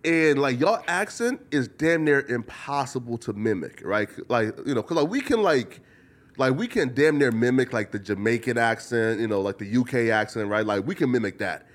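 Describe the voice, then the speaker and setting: A man hosts a loose, casual interview at a middling pitch. He rambles through his questions, stacking up filler words as he goes. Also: expressive, moderate pace. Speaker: podcast host.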